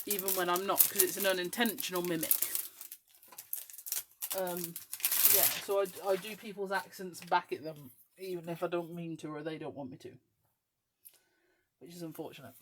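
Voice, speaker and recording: A woman's voice: fairly low pitch, steady tone, moderate pace, noisy background. A woman in her forties from the west of Scotland, with an English accent that keeps a faint Scottish twang. She hosts a crafting show and chats in a rambling way, full of ums, as she works. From west coast of Scotland. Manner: chatty, rambling, with frequent ums. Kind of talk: casual chat while crafting.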